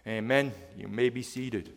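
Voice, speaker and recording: A man preaching a sermon, reading scripture aloud and asking the congregation questions, with slow, emphatic stress on key words. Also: mid-range voice, animated. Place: church hall. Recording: long hall reverb.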